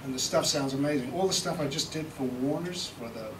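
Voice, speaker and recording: A British recording engineer speaks fairly quickly in a higher voice as he presents a live seminar, demonstrating for the audience while chatting, joking, and swearing lightly. The sound is distant and echoey, with background noise.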